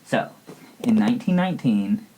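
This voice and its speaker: A woman's voice: very deep voice, lively intonation, moderate pace, warm tone, slight background noise, rough recording. A woman doing a ditzy valley-girl student. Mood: bubbly. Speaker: student giving a history report. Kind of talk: comedic sketch lesson.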